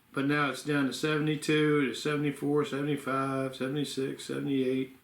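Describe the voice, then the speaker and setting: A man with a medium-pitched, slightly bright voice vlogs casually about health from a home room one evening. Sleepy and rambling, he stops occasionally to yawn, and the recording carries a roomy echo.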